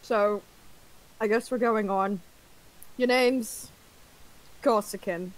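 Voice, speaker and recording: A woman at the table of a casual role-playing game, blunt and joking, swearing freely. Her voice sits at a middling pitch for a woman. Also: slow, poor audio. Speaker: player.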